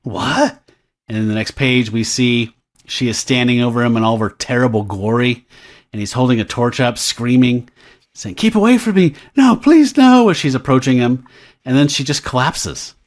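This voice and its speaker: A man's voice: mid-range voice, flat delivery, moderate pace. A man co-hosting a podcast, chatting casually about comics, laughing often. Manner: laughs often, reads panel dialogue aloud. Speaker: podcast co-host. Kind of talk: casual comic review chat.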